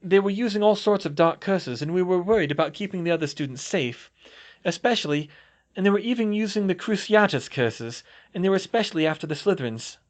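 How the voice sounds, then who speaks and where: A man's voice: high voice, lively intonation, pitched above the performer's own voice. Man voicing a tearful rambling woman teacher. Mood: rattled. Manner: rambling, halting, broken sentences. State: sobbing.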